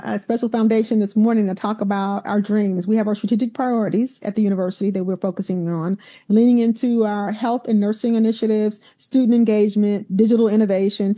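A middle-aged woman, a university president, telling stories in an animated, emphatic way in a conversational interview. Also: mid-range voice. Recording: dull lo-fi sound.

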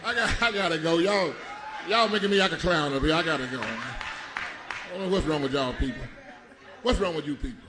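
A middle-aged man preaching a sermon, telling a comic story in a folksy, animated way with loud bursts. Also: on the high side, a little fast, echoey room, crowd noise, noisy background. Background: congregation laughing.

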